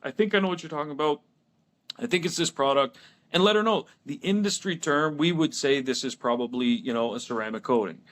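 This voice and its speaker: A man's voice: a little high, fairly quick, a bit bright. A man co-hosting a business podcast, talking casually and telling stories with many restarts and laughs. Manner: storytelling with lots of restarts and laughs. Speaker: podcast co-host. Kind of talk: casual chat.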